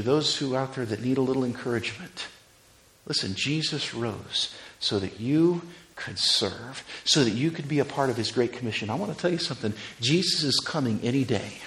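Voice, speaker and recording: Male pastor, medium pitch, fervent sermon delivery, recorded in an echoey church. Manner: swings from loud fervent preaching to soft prayer. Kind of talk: sermon and closing prayer.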